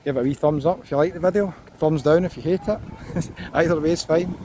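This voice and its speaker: Strolling outdoors with a handheld camera, a Scottish walking tour vlogger talks fast in a slightly high voice. He's chatty and relaxed, like a tour guide pointing out places as he goes. Traffic and street noise are clearly audible behind him.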